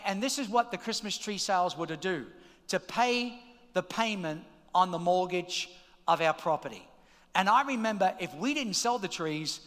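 High bright-voiced preaching pastor. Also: male voice. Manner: energetic, shouting calls to the congregation. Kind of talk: sermon. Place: large church auditorium. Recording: long hall reverb.

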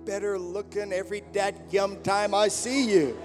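A man's voice: high voice, fairly even intonation, normal speed, music in the background. An older American man preaching as a guest pastor, telling stories in a folksy way with many restarts. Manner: folksy storytelling with frequent restarts. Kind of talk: sermon. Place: large church hall. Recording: echoey hall.

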